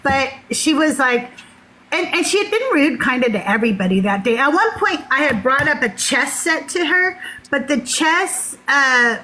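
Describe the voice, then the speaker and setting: High-voiced woman telling a lively story. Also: poor audio. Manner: animated, laughing often. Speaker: podcast guest. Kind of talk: casual storytelling.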